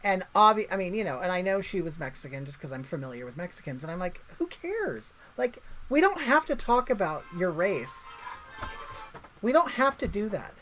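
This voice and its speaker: Woman livestream host, chatty and rambling, lively swooping voice, reads out viewer comments. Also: lowish voice, moderate pace, faint music behind, poor audio. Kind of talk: casual livestream chat.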